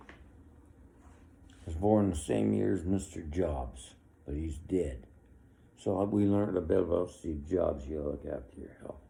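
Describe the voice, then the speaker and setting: A man's voice: deep voice, gravelly, mellow. A man in his sixties giving an opinionated, rambling monologue, with chuckles between his complaints. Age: 60s.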